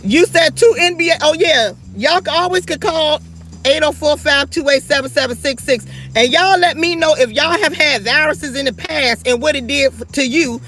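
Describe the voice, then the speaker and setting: Livestream host, middle-aged woman with a drawl, high and sharp, fiery, profane, addresses chat directly. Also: moderate pace, faint music behind. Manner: fiery, profane, talks straight to viewers. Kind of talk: livestream rant.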